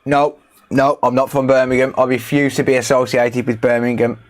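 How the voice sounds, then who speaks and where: A man's voice: mid-range voice, flat delivery, brisk. A man from the English Midlands, chatting casually and joking with viewers while he works on electronics repairs, swearing now and then. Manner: joking, bantering, swears freely. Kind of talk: casual livestream chat while working.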